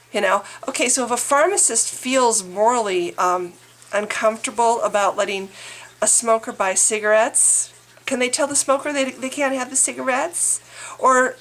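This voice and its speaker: A woman's voice: fairly high pitch, fairly bright tone. A woman vlogger delivering an angry, exasperated political rant, swearing and stumbling over restarts.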